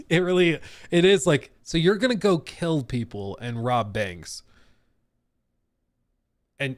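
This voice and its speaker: A young man hosting a live stream, chatting casually and joking with his chat in an animated way. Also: mid-range voice, no room sound. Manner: animated, jokey, reacting to chat. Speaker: streamer host.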